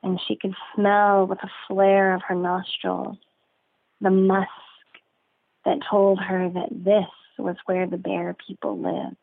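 A woman tells a folk tale slowly and deliberately, lingering on each detail. Her voice is low with a gravelly edge. The sound is dry and squeezed into a narrow band, like a phone line. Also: flat delivery, no echo. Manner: slow, deliberate, rich sensory detail. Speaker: storyteller. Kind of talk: told folk story, guided narration.

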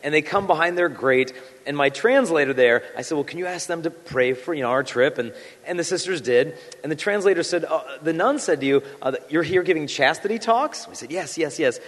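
A man in his thirties leads a prayer, then speaks to the congregation in a relaxed, conversational way. He pokes fun at himself, and his sentences are full of fillers and restarts. His voice carries a long reverb, as if it is filling a large church. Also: a little high, fairly quick. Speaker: Catholic speaker.

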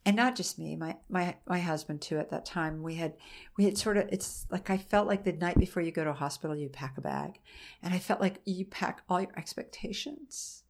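A woman's voice: on the low side, brisk. A middle-aged woman, a mother being interviewed, frankly recounting a personal story in a conversational way. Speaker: interview guest, mother of an autistic son.

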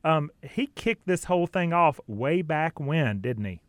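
Chatty radio host, slightly high. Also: male voice, lively intonation, a little slow, no room sound. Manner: chatty, laughs easily, some fillers. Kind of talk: casual radio talk show.

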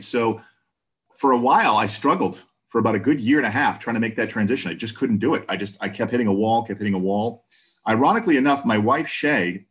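A lower-pitched man in his fifties from Boston tells long, animated stories as an interview guest. He slips into other people's voices as he goes. He has the easy pacing of a seasoned broadcaster. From Boston, USA. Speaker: guest, former news broadcaster. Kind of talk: casual interview storytelling.

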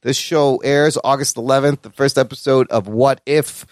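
A man's voice: mid-range voice, fairly even intonation, moderate pace, no echo, studio quality. A man co-hosting a casual podcast, talking with energy and some swearing. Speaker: podcast co-host. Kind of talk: casual chat.

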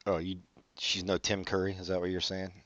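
A man's voice: sits low, completely flat delivery, fairly quick, fairly bright tone, no room sound. A man co-hosting a casual late-night podcast chat, joking and punning as he rambles. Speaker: podcast co-host. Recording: dull lo-fi dry recording.

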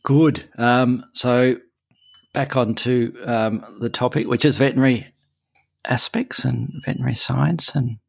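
A man's voice: medium pitch, steady tone, a little slow, gravelly, no room sound. A man chatting casually on a radio segment, hesitant and full of ums and restarts. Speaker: regular guest on a veterinary news segment.

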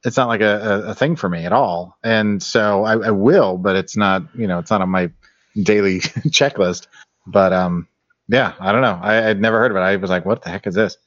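A man chats casually on a podcast, relaxed and halting, often restarting his sentences. His voice is on the low side. The recording sounds dry and somewhat dull. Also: dry recording. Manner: relaxed, hesitant, with many restarts. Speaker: podcast co-host. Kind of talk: casual chat.

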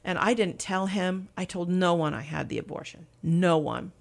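Woman, interview guest, candid faith testimony, gravelly fry. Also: lowish voice, normal speed. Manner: earnest, candid storytelling. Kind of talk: personal faith testimony in conversation.

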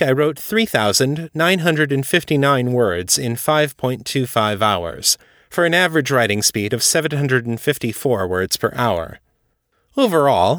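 A man reading his own first-person fiction as a podcast host, steady and matter-of-fact. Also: mid-range voice, dry recording, studio quality. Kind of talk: first-person story narration.

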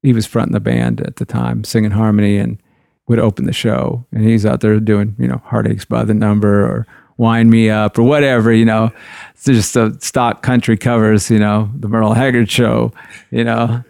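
A man's voice: on the low side, little pitch movement, normal speed, vocal fry, a little mellow, no room sound, clean studio sound. A man, a guitarist, telling rambling stories from the road in a loose, conversational way. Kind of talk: anecdotal storytelling.

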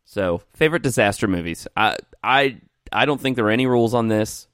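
A man's voice: lowish voice, lively intonation, fairly quick, a bit bright, smooth, dry recording, clean studio sound. A man co-hosting a podcast, chatting casually and reading quiz questions aloud in an offhand way. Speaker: podcast co-host.

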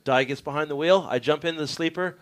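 A man's voice: a little high, fast talker. A man casually telling a long road-trip story on a radio show, swearing freely and acting out what others said. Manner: animated, swearing, voices others in his story. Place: radio studio.

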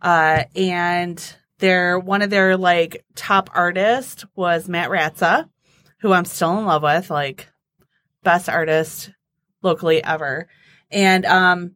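A woman's voice: lowish voice, takes it slowly, fairly bright tone, no room sound, clean studio sound. A woman telling stories with a laugh in a casual podcast chat. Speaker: podcast co-host.

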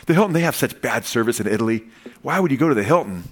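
A man's voice: medium pitch, animated, very fast, close to an everyday voice. A man voicing a pessimistic male barber who sneers at everything. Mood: scornful.

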